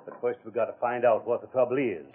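An actor playing a talkative, bold old male Civil War veteran with a husky folksy drawl, in a 1930s radio drama. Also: medium pitch, steady tone, fast, very noisy, lightly acted. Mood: determined. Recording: narrow lo-fi 1930s radio broadcast.

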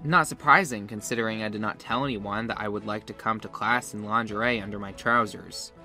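A man's voice: fairly low pitch, brisk, bright, forceful tone. A man telling a first-person story as scripted, earnest confessional narration. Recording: faint music behind the voice.

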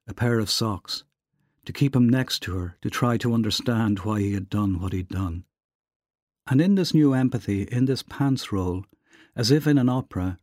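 A man giving a measured reading of a literary short story. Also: lowish voice, darkish tone, no room sound, studio quality. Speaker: reader.

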